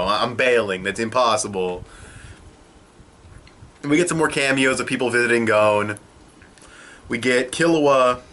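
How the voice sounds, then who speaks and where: Young male reviewer, bright forceful voice, casual and profane, home setup. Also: medium pitch. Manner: excitable and profane, swears often. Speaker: anime reviewer. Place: home room.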